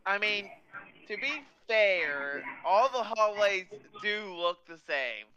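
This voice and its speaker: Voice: medium pitch, expressive, slow pace, sharp tone, lo-fi sound. A player voicing a tired, sighing male headmaster during a tabletop role-play game. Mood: weary. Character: weary male school headmaster.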